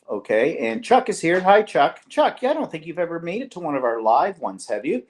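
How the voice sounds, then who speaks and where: A man's voice: fairly high pitch, big pitch swings, fairly quick, few pauses, a little mellow. Chatty Canadian man hosting a live vlog. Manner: chatty, rambling, teasing. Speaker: vlog host. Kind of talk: live-stream chat.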